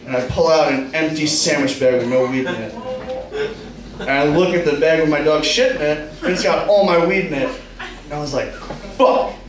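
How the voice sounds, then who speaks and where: A man doing a stand-up comedy set in a club bar, telling crude stories and acting out what people said. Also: sits high. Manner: profane storytelling, acting out quoted lines. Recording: echoey room, distant mic, club noise.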